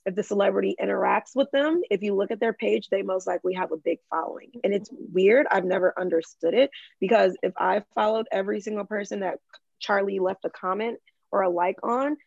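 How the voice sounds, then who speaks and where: In a dry, dull lo-fi recording, a young woman from Michigan chats with a gravelly edge to her voice. She restarts her sentences often and fills them with "like", in an easy, unscripted podcast style. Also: mid-range voice, a little mellow, no room sound. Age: young adult. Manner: chatty, full of "like", quick restarts. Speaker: guest, social media creator. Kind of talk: casual podcast chat.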